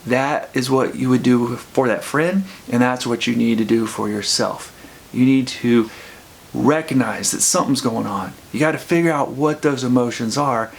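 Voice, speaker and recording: A man's voice: medium pitch, gravelly, a little hiss or hum. A man, an addiction counselor, talking earnestly to camera and often repeating his phrases as he explains. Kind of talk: earnest advice talk to camera.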